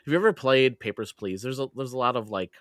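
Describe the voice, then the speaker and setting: A man's voice: mid-range voice, animated, quick pace, a bit bright, no echo, studio quality. A man hosting a podcast, chatting casually and telling a story with laughs and lots of filler words. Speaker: podcast host.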